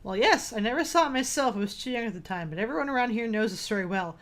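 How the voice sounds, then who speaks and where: A woman's voice: a little high, animated, fast, a bit bright. A woman voicing a grim, vengeful old male fisherman in a game, reading the dialogue aloud with a few stumbles.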